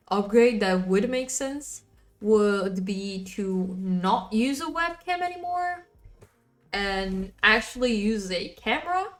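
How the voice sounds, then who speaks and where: A woman streaming live, chatting casually and rambling as she answers her chat. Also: mid-range voice.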